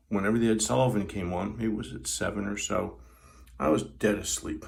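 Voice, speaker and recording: A man in his sixties telling a personal story, vivid and animated, acting out the scenes as he goes. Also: lowish voice, moderate pace, vocal fry. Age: 60s. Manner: vivid, animated retelling with sound effects.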